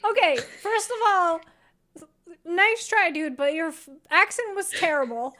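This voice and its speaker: High-voiced woman, blunt and laughing. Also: animated, a little slow, sharp tone, slight background noise. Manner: blunt, laughing, casual slang. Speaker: podcast co-host. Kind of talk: casual chat.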